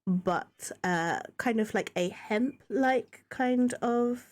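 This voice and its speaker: A woman running a tabletop game as game master, halting as she speaks, with many fillers and restarts. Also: on the high side, darkish tone.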